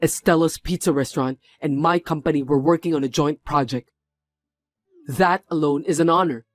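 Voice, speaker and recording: A man's voice: a little high, normal speed, no room sound, lightly acted. A man voicing a company executive who sternly scolds someone for her cruelty in a drama. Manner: stern, reproachful.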